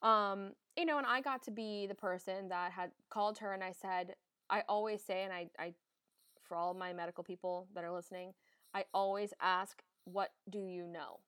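A young woman, an emergency nurse hosting a podcast, talks in a frank, emphatic way and swears freely. Her voice sits at a middle pitch for a woman, and the recording is dry and close. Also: fairly even intonation, moderate pace, a bit bright, clear, resonant tone, no room sound. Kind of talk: candid casual chat.

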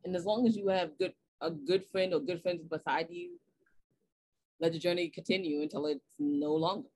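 A woman's voice: on the low side, normal speed, no room sound, poor audio. A woman guest on a podcast, telling stories in a casual, laughing way and acting out the voices of the people in them. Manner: laughing, animated storyteller acting out dialogue. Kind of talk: casual storytelling chat.

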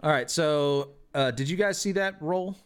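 A man's voice: a little high, moderate pace, clean tone. A man narrating as game master of a tabletop game, hesitant, with many fillers.

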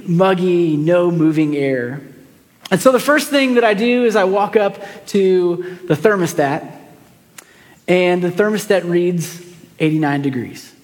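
A male pastor with a high voice preaches in a large hall, relaxed and conversational. He tells a family story with lots of fillers and restarts.

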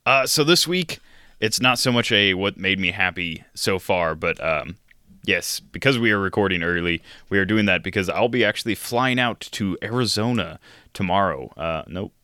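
A man's voice: sits low, lively intonation, moderate pace, pushed and bright, no room sound, studio quality. A man co-hosting a casual podcast, chatty and goofy, poking fun at himself. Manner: goofy, chatty, self-mocking. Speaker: podcast co-host.

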